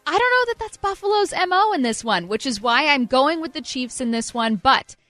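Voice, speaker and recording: A woman's voice: high voice, animated, brisk, a bit bright, dry recording, faint music behind. A woman co-hosting a sports talk show, giving analysis with a playful, self-deprecating manner. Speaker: sports radio co-host.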